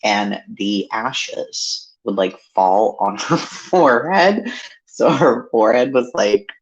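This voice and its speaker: Gravelly, swearing woman storyteller. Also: a bass voice, expressive, slow pace. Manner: swears freely, laughing storyteller. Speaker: livestream host. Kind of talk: casual chat. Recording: dull lo-fi stream audio.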